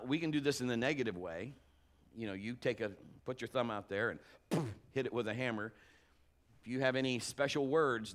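A man's voice: lowish voice, a bit bright. A middle-aged man preaching a conversational sermon, telling folksy stories with restarts and trailing thoughts. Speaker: pastor.

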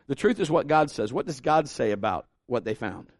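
A man's voice: mid-range voice, expressive, brisk, dry recording, clean studio sound. A male pastor preaching a sermon in church, in a plainspoken, conversational way with folksy asides.

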